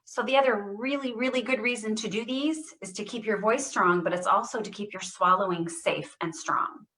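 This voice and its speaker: A woman speech therapist leading a voice exercise class over a video call, modelling short phrases loudly and stressing every single word. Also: medium pitch, moderate pace, recorded from a distance, poor audio. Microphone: computer mic on video call.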